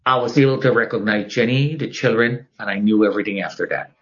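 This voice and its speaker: A man's voice: fairly low pitch, fast, fairly bright tone, husky. A middle-aged man giving an interview, telling his personal testimony with drama and acting out the voices of the people in it. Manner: dramatic, acts out the voices of others in his story. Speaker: interview guest. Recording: muffled lo-fi recording.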